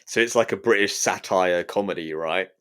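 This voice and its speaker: A man's voice: sits low, normal speed. A man co-hosting a casual podcast, telling stories animatedly and often laughing. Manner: animated storyteller who acts out quoted voices and laughs often. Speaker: podcast co-host. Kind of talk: casual conversational podcast chat.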